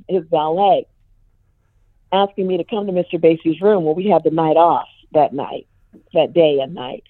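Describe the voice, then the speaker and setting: Older woman telling stories over a tinny line. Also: dry recording. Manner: animated, swings pitch to act out quoted voices. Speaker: jazz singer. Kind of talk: personal storytelling on radio. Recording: tinny phone-like dry radio sound.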